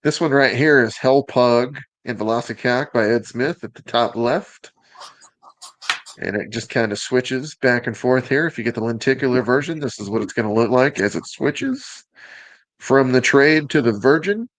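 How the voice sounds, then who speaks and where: A man's voice: mid-range voice, lively intonation, moderate pace, no echo. A man from Alabama with a Southern accent hosting a show, presenting in an upbeat, joking way with teasing asides. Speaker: host.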